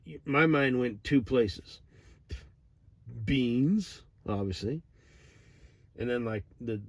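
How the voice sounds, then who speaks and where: A middle-aged man telling a rambling, digressive story in a profane, deadpan way. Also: fairly low pitch, no room sound. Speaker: vlogger. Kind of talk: rambling monologue.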